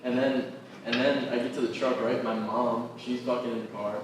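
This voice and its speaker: A man co-hosting a comedy podcast, spinning crude anecdotes full of profanity. His voice sits at an ordinary pitch and sounds far from the mic in a very echoey room, with steady background noise. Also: moderate pace. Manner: swears constantly, animated anecdotes. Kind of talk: profane casual storytelling.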